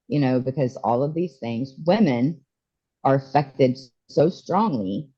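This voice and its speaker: A woman in her forties speaks in a mellow, slightly husky voice. She talks with feeling, often stopping and starting again. The audio sounds dull and lo-fi. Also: extremely low pitch, lively intonation. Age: 40s. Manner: emotional, halting, many restarts. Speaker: interview guest. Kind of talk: candid personal story.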